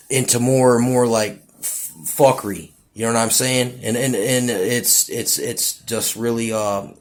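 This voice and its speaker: A man rambling through a casual monologue, stumbling over his words and saying "dude" and "you know what I'm saying" again and again. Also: fairly low pitch. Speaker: vlogger.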